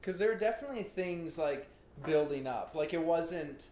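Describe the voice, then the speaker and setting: A young man in casual conversation, telling an animated story with lots of fillers and laughter. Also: fairly high pitch, normal speed, reverberant.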